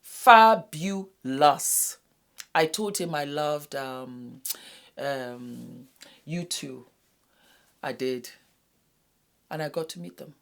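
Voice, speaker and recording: Low-voiced woman vlogger, whispering for emphasis. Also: slow, gravelly, long pauses. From West Africa. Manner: earnest, dropping to a hushed whisper for emphasis; addresses viewers as "my darlings". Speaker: YouTube host. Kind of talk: casual commentary to camera.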